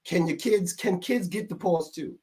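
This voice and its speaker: A man's voice: sits high, normal speed, crowd noise. A man co-hosting a podcast, asking questions and reasoning through points. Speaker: podcast co-host. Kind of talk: casual group chat. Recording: noisy background.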